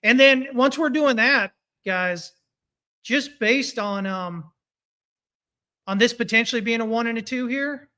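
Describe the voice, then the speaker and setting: Hiccuping throughout, a man with a very high-pitched voice talks through price charts on a casual livestream and reads out viewer comments. He's animated yet unhurried, leaving long pauses. He's a market analyst sharing his chart analysis.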